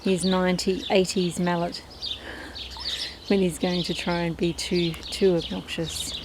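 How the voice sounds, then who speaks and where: A woman's voice: fairly low pitch, level tone, a little slow, background noise. A woman chatting casually to camera about her poultry in a backyard, talking to her birds as she goes. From Australia. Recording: outdoor recording with loud birdsong.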